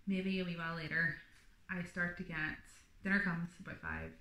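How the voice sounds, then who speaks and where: A woman's voice: fairly low pitch, very animated, moderate pace, pushed and bright, echoey room, a little hiss or hum. A woman vlogger telling her birth story in a chatty, rambling way, full of fillers. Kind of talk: casual birth story vlog.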